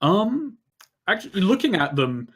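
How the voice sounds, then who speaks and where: A man's voice: high-pitched, big pitch swings, measured pace, fairly bright tone, breathy edge. A man narrating a tabletop game as game master, loose and rambling, full of "um" and "like".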